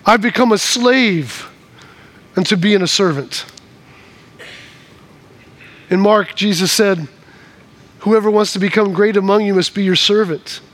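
A man preaching a sermon in church, swinging from hushed, slow lines to loud, acted-out shouts. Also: high voice. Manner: acts out scenes in the voices of people in the story. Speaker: pastor.

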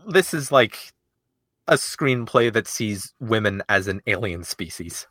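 A man's voice: on the low side, animated, measured pace, bright, forceful tone. A man in a casual film review chat, talking in a rambling, analytical way with many fillers.

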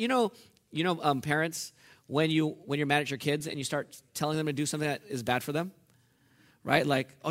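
A man preaching to his church in a high, bright voice. His delivery is animated and conversational, and he keeps putting questions to the congregation. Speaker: pastor. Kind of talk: sermon.

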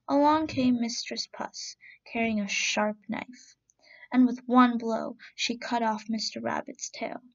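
Brief: woman reading bedtime stories, gentle and slow, gravelly edge, dull recording. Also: a little high. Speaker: storyteller. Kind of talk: reading children's stories aloud.

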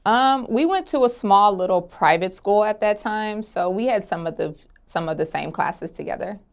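A woman's voice: mid-range voice, normal speed. A young woman from Atlanta answering interview questions in an easygoing way, laughing often. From Atlanta, Georgia. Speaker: interview guest. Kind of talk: relaxed sit-down interview answers.

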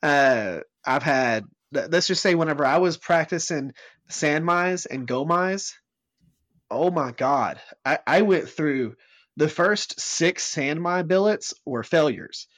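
Chatty Southern knife maker guest. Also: male voice, on the high side, expressive, slow pace, fairly bright tone. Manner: chatty, laughing, self-deprecating. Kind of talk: casual chat.

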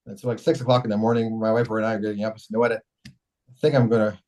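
Fast-talking middle-aged man telling stories. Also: fairly low pitch, rough recording. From Canada. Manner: rambling, self-correcting, animated storyteller. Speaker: mayor, interview guest. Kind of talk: casual storytelling interview.

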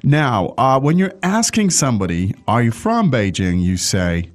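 A man hosting a language lesson, explaining points in a relaxed way with frequent fillers. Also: mid-range voice, a little slow. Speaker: language teacher and host.

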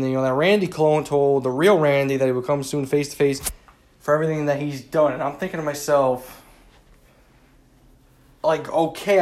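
A man giving a casual, rambling recap of a wrestling show, often exasperated and full of fillers. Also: on the high side. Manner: rambling, exasperated, lots of "like" and "you know".

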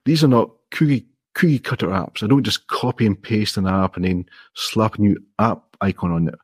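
Guy w/ a kinda husky low voice walking thru how his apps work, dry close mic. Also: moderate pace, no echo. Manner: explains step by step, friendly and modest. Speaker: guest, indie app developer. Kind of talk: casual interview chat.

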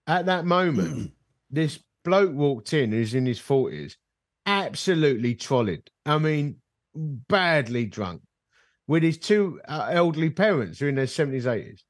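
A man's voice: fairly high pitch, a little slow, dry recording, clean studio sound. A middle-aged man, a guest on a podcast, telling a personal story in casual conversation and acting out the dialogue. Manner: animated storyteller who acts out dialogue. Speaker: podcast guest, ministry leader. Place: bar.

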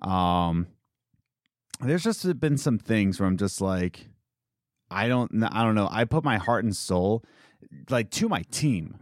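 A man's voice: on the low side, animated, slow, long pauses, no room sound, studio quality. A young man, a coffee shop worker, venting in casual chat, rambling and exasperated, mocking the people he quotes.

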